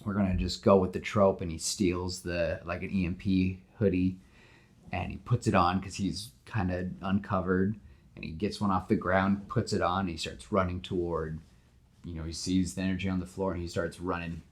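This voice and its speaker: A man hosting a podcast, animatedly retelling his movie pitch with lots of "like" fillers and acted-out dialogue. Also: moderate pace. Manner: animated storyteller, full of "like" fillers, acts out dialogue. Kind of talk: casual retelling of a film pitch.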